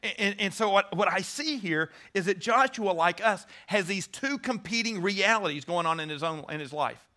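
High bright-voiced male preacher. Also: lively intonation, moderate pace, hardly any pauses. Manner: earnest, repeats words and restarts, stresses key words. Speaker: pastor. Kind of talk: sermon.

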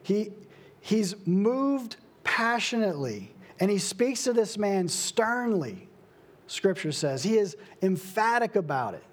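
A young adult man preaching a sermon, slow and emphatic, with dramatic pauses. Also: sits high, sing-song. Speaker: pastor.

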